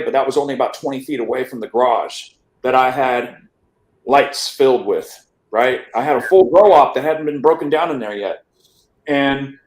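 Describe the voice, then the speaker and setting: Man telling a story in an echoey room. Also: mid-range voice. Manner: animated, acts out quotes, some stammered restarts. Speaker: interview guest. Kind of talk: casual storytelling.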